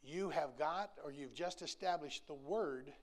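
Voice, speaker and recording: A man's voice: fairly high pitch, measured pace. Emphatic folksy preacher man in his sixties. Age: 60s. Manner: emphatic, folksy and repetitive, with humor. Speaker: pastor. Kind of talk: sermon.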